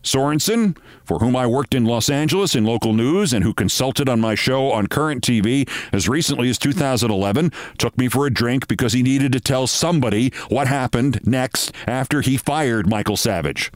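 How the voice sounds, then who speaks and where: A man's voice: medium pitch, normal speed, few pauses, no echo. A man hosting a podcast, delivering scripted political commentary in a sardonic, emphatic storytelling manner. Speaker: podcast host.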